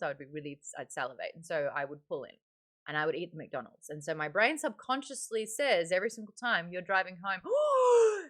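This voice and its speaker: Bright, lively Australian woman chatting. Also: fairly low pitch. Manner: chatty and candid, with frequent fillers and laughs. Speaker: streamer and book club host. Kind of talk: casual live-stream chat.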